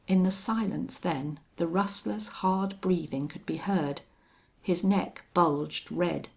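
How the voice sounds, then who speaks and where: Slow, gravelly woman reading an audiobook. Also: lowish voice. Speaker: audiobook narrator. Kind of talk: audiobook narration. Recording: dull lo-fi audio.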